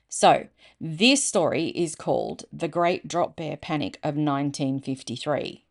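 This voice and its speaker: A woman's voice: deep voice, gravelly, darkish tone. A middle-aged Australian woman telling funny short stories in a chatty, rambling way, stopping to explain local words. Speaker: storyteller. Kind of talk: casual storytelling reading.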